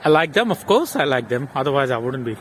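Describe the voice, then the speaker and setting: A middle-aged man from India with a Telugu-Indian English accent, relaxed and asking questions in a casual chat while walking. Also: mid-range voice, quick pace, low-quality recording. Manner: relaxed, laughs often, asks questions. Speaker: host. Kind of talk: casual chat on an outdoor walk. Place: outdoors on an urban street while walking. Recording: street noise with passing traffic.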